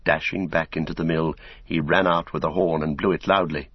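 A man narrating an audiobook in a steady, measured reading. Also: extremely low pitch, slightly rough, dry recording. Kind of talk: scripted narration. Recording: dull, dry recording.

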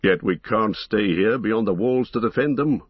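A man's voice: lowish voice, normal speed, dry recording, muffled recording, lightly acted. A man voicing a stern male warrior captain, giving urgent commands and battle cries.

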